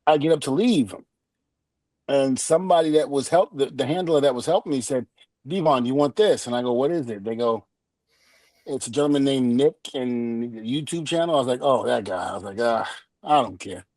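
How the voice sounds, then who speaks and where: Speaking a little fast in a medium-pitched voice, this middle-aged man is a guest on a podcast. He recounts a story casually, bringing the quoted dialogue to life with laughter, and the recording is dry.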